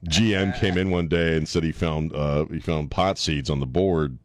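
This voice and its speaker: A man's voice: very deep voice, fairly even intonation, normal speed. A man in his fifties hosting a talk radio show, blunt and casual, laughing often and repeating words as he goes. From Washington DC area. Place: radio studio. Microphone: studio mic.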